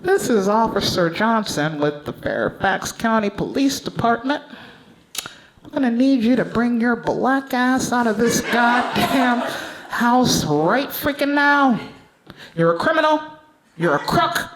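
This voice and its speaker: A woman comic voicing a stern male police officer shouting orders through a megaphone. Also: on the high side, expressive, unhurried, low-quality recording. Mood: bossy. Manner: bossy, blustering.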